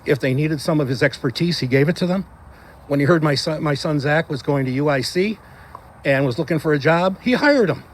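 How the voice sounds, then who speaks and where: A man giving a eulogy for a close friend outdoors at a graveside, telling wry, animated anecdotes and acting out what others said. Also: on the high side, fairly quick. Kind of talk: graveside eulogy told as funny stories.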